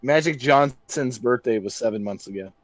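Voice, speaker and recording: A young man co-hosting a podcast, delivering dry deadpan jokes with hesitant stops and restarts. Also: medium pitch, moderate pace, poor audio. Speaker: podcast co-host. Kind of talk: casual chat.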